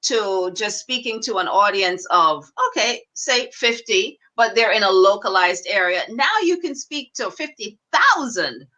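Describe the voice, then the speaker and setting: A woman's voice: mid-range voice, expressive, measured pace, few pauses, pushed and bright, low-quality recording. A woman guest in a casual online chat, talking with enthusiasm and laughing often.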